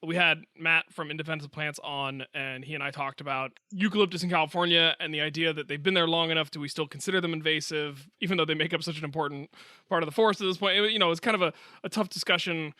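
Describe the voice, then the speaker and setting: Guy cohosting a science podcast, bright clear voice, super dry close sound, joking around. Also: on the high side, fairly even intonation, fast talker, no room sound. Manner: chatty, jokey, playful asides. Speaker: podcast co-host. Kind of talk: casual chat, reading a listener email.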